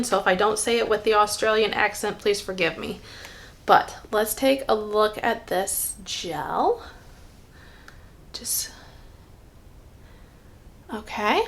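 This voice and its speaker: Woman, hair vlogger, a bit high-pitched; loose, rambling talk while styling on camera. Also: a bit bright, slight background noise. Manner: chatty, thinks aloud with many "like" fillers. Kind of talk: casual tutorial chat.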